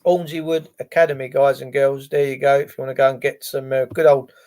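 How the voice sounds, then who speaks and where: Gravelly, blunt man ranting. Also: mid-range voice, level tone, brisk, a little mellow. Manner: blunt, sarcastic, swearing. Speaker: livestream host. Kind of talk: ranting livestream monologue.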